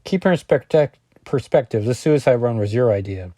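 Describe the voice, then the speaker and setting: A man voicing a sharp-tongued young woman hero who answers with wry, quick retorts. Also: mid-range voice, lively intonation, dry recording, studio quality, natural voice. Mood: sarcastic.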